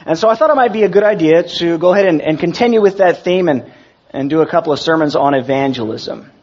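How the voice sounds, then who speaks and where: A man preaching a sermon to his congregation, earnest and measured, slowing down to recite verses. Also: fairly high pitch, darkish tone, lo-fi sound.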